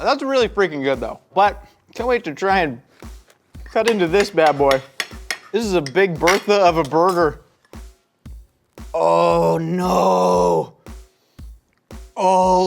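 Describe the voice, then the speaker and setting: A young man hosting a cooking show, joking with his crew as he demonstrates a recipe. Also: a little high. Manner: jokey, excitable, talks to the crew.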